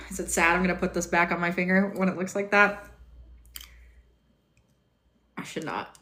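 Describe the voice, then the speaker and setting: Young woman, bright and chatty, livestream host answering comments, phone-on-tripod sound. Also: fairly low pitch, fairly quick. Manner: chatty, bubbly, reads and answers viewer comments. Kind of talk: casual livestream chat. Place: motel room.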